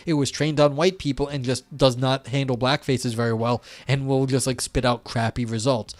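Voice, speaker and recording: A man's voice: mid-range voice, no echo. A man talking casually on a livestream, rambling and blunt, calling himself a curmudgeon while reading chat.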